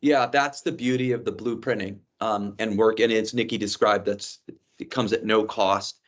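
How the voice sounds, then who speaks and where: A man from a vendor company answering questions in an unscripted webinar presentation, measured and explanatory, with frequent restarts, heard over a video call. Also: fairly low pitch, fairly even intonation, dull audio.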